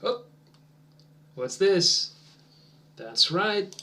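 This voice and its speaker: A man teaching an English lesson as a demonstration for teachers, encouraging and drawn-out, dropping to soft near-whispers while he waits for answers. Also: high-pitched, sing-song.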